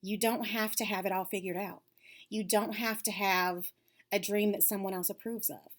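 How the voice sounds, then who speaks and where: A woman's voice: mid-range voice, steady tone, moderate pace. A woman giving an upbeat, encouraging talk to young girls, coaching them and dropping to a whisper for emphasis. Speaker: lead facilitator for girls' self-esteem class.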